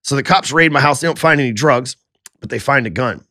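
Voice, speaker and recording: A man telling his life story on a podcast in a profane, animated way. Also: mid-range voice, a little fast, dry recording, studio quality.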